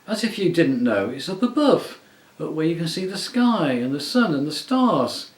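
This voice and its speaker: A man's voice: mid-range voice, big pitch swings, moderate pace, reverberant, lightly acted. A man reading an audiobook, voicing an impatient, scornful schoolboy.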